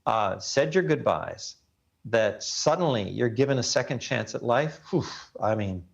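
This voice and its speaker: A man with a rough, gravelly edge to his voice tells a personal ordeal as a TV interview guest. He speaks earnestly and lets his voice drop low at the darkest moments. The sound is dull and muffled, like a remote link. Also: lively intonation, measured pace. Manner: earnest storytelling, voice drops low at grim moments. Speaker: guest, reporter.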